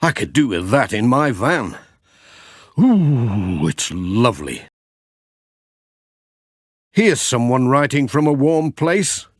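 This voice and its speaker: A man's voice: mid-range voice, big pitch swings, takes it slowly, pauses often, no room sound, clean studio sound. A man reading aloud and voicing a cheerful, friendly village postman.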